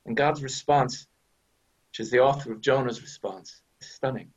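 A man from the USA, a minister giving a sermon in a conversational, animated way, often adding "right?". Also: mid-range voice, moderate pace, husky. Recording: dull lo-fi recording.

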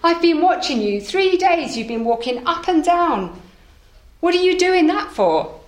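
A man's voice: extremely high pitch, very animated, a little slow, echoey room, voice pushed up, heavily acted. A woman voicing a male shopkeeper who mocks people for taking dreams seriously, in a raised, incredulous voice. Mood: curious. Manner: mocking, incredulous.

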